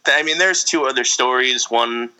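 A man co-hosts a casual podcast chat, telling a rambling, animated story between laughs. His voice is very bright and forward. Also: medium pitch, normal speed, clear, resonant tone, rough recording. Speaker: podcast co-host.

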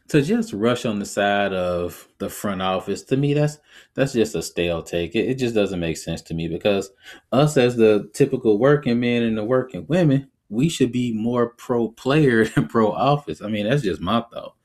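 A man in the middle pitch range talks through his opinions as a podcast host. His delivery is casual and animated. He laughs easily and drifts into acting out little quotes. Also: moderate pace. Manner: conversational, reflective.

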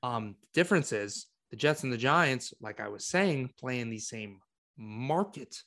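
A man's voice: mid-range voice, a little slow. Exasperated man ranting about football. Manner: animated, exasperated rants with many restarts. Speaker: podcast co-host. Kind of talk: casual sports chat.

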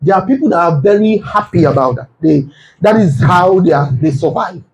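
Male pastor, high-pitched, fervent sermon delivery with sudden shouted peaks. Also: lively intonation, moderate pace, rough recording. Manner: emphatic, rhetorical questions, bursts into shouting. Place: church.

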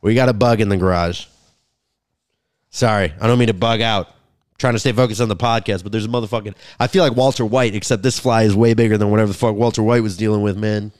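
A man's voice: on the low side, fairly even intonation, fast, darkish tone, clean tone, no echo, studio quality. A comedian rambling crudely through a casual podcast monologue, recorded in his garage. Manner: rambling, crude, self-interrupting. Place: home garage.

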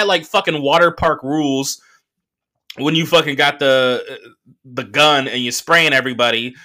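A man in his thirties from the Bay Area talks through a solo podcast episode, storytelling with loose profanity and mocking voices. His voice sits fairly high for a man and swings widely in pitch. The tone is bright and edged. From San Francisco Bay Area. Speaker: podcast host.

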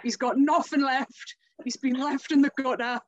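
A woman's voice: sits high, fairly even intonation, normal speed, muffled recording, over a noisy crowd. A woman in casual podcast chat, blunt and sweary, often laughing. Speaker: podcast participant.

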